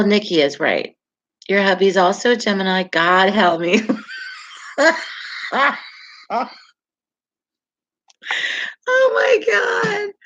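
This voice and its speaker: Brief: middle-aged woman, unhurried chatty stream host, laughs a lot, slightly dull lo-fi sound. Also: fairly low pitch, fairly bright tone. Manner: chatty, laughs often, reacts to comments. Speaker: livestream astrology host. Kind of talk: casual live-stream chat reading viewer comments.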